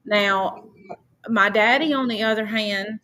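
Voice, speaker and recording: A woman, a podcast guest telling personal stories in a casual, animated way and acting out her own past dialogue. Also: mid-range voice, slow pace. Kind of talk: casual storytelling.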